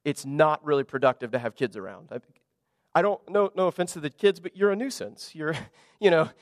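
A high-pitched man preaches with animated emphasis, jumping from loud exclamations to hushed asides. His voice is close and dry on the mic, yet a long reverb from the sanctuary trails behind it. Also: a little fast. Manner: animated, emphatic preaching with humor and sudden drops to quiet. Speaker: pastor. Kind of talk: sermon.

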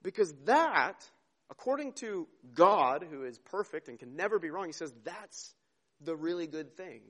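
A man in his thirties preaching a sermon, earnest and conversational, repeating words and dropping to a hush for tender moments. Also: sits high. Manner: earnest, repeats words, swings from emphatic to hushed. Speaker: pastor.

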